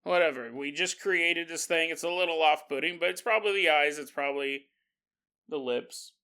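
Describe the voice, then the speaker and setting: Host, male, bright and slightly high voice, casual joking storyteller who acts out the quotes. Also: normal speed, clear, resonant tone. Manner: jokey, acts out quoted voices, laughs often. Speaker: podcast host.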